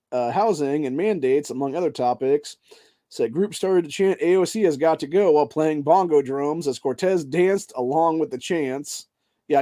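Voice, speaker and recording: Man with a slightly high voice, swearing heavily as he rants. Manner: heavy profanity, keeps tacking "dude" onto sentences; angry, heated tirades between flat read-outs. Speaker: podcast host. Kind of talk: reading news articles aloud and ranting over them.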